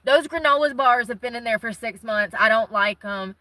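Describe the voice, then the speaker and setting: This is a woman rambling bluntly to her camera from inside the car she lives in, cursing freely. She sounds slightly out of breath. Her voice is bright and sits a little high. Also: normal speed, no echo, poor audio. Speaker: vlogger. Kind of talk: casual chat.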